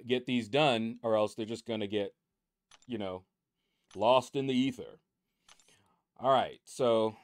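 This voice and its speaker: A man's voice: medium pitch, a little mellow, dry recording. A man hosting his mobile game channel, chatting in a rambling, easygoing way from a room at home. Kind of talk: casual chat over game leaderboards.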